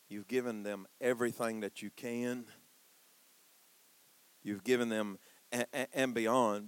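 A man preaching a sermon in a church, calling out to the congregation for responses and swinging between hushed, drawn-out lines and loud emphatic peaks. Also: mid-range voice, clean tone, dry recording. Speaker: pastor.

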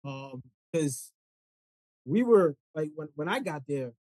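A man on a podcast, telling a story in casual chat and halting over many fillers. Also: a little high, animated, darkish tone, dry recording, poor audio. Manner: halting, filler-heavy talk. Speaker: podcast co-host.

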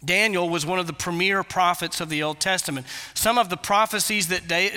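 A man's voice: high voice, a little fast, few pauses, sharp tone, long reverb tail. A male pastor preaching a sermon, earnest and explanatory, with emphatic repetitions.

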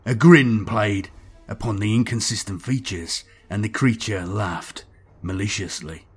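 A man narrating a dark science-fiction story in a measured, grim storytelling manner. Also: lowish voice, slightly rough, soft background music. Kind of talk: scripted dark sci-fi story reading.

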